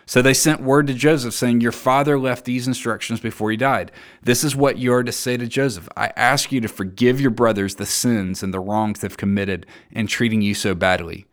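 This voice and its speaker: A man preaching a sermon, earnest and emphatic, reading scripture aloud and dropping low and soft to land his key points. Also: steady tone, moderate pace, few pauses. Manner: reads scripture aloud and acts out quoted voices.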